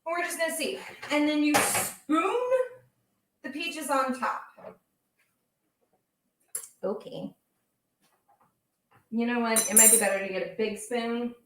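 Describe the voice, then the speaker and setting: A woman's voice: on the high side, unhurried, pauses often, echoey room, background noise. A young woman hosting a casual baking livestream from her home kitchen, chatting and answering viewers' comments as she works.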